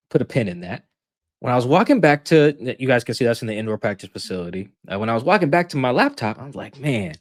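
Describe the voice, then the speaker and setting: A man co-hosting a football show, casual and joking, rambling with fillers. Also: lowish voice. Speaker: co-host. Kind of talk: casual sports chat.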